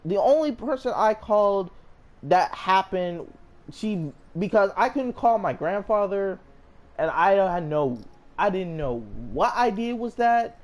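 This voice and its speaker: Animated rambling young man telling a story. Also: high voice, unhurried. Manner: rambling, animated, restarts sentences often. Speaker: storyteller vlogger. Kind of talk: casual storytime monologue.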